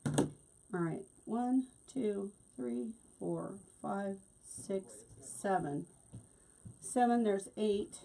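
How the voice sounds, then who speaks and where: A woman's voice: medium pitch, extremely slow, vocal fry, pauses often, dark tone. A middle-aged woman hosting a casual craft tutorial, chatting and laughing as she works. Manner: chatty, laughs often, talks while working. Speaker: wreath-making host.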